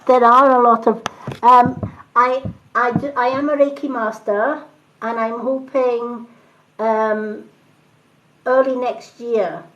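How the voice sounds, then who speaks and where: Her voice sits on the high side, steady and fairly bright, delivered slowly with many pauses. She's a tarot card reader whose Scottish accent carries other British influences, giving chatty readings on a live stream and thanking viewers. The recording is dull, lo-fi, and faintly noisy.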